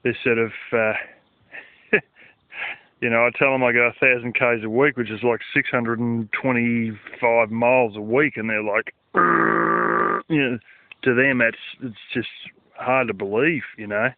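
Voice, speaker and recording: A man's voice: medium pitch, steady tone, moderate pace, no echo. A man, talking casually in a rambling vlog, swearing and using lots of fillers, recorded outdoors at night. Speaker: vlogger. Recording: dry, phone-like lo-fi sound.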